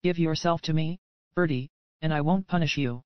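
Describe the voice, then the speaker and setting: Possessive, controlling man read by a woman narrator, smooth, dry, slightly dull audio. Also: low voice, moderate pace, no room sound, close to an everyday voice. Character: possessive, controlling man obsessed with his captive.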